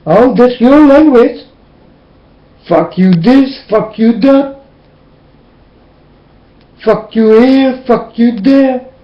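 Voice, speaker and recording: Slow, high-voiced man preaching and scolding. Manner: scolding, emphatic, lecturing listeners. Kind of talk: preachy monologue. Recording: roomy, dull lo-fi recording.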